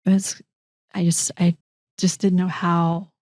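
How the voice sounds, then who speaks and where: Woman, middle-aged, interview guest, animated storyteller, warm low voice, dry close sound. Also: a little slow, no room sound. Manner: animated, acts out quoted dialogue, frequent restarts. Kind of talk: conversational storytelling.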